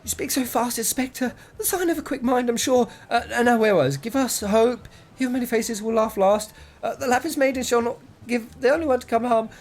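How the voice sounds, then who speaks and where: A man voicing a cheerful, scatterbrained young woman in a high sing-song voice. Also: fairly quick, soft background music. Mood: chirpy.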